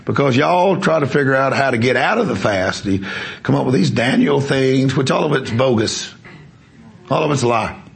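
Gravelly man preaching with emphasis. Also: mid-range voice, animated, normal speed. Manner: emphatic storytelling, quizzing the congregation. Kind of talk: sermon with testimony.

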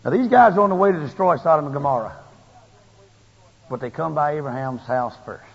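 A husky-voiced man preaches in a folksy, animated style, pushing his emphasis up and up as he drives each point home. His voice sits a little high for a man. The recording is a dull, lo-fi tape that rings with long church-hall reverb. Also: fairly quick. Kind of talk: sermon.

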